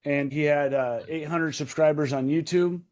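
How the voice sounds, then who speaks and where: At a normal speed and with fairly even intonation, a man in his thirties relates a raw, intense story during an interview, swearing and emphatically repeating key phrases. His voice is fairly high and a little mellow.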